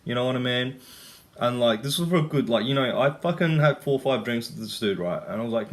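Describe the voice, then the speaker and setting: A man's voice: mid-range voice, expressive, fast. Rambling, sweary young man telling stories. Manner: rambling, sweary, full of fillers. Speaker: vlogger. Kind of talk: casual rant storytelling.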